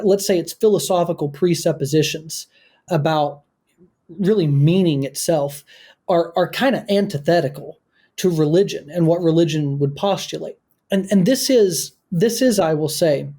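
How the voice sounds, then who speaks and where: Man, podcast guest, film discussion, mellow tone, slightly husky, articulate, analytical. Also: fairly high pitch. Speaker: guest film critic and author.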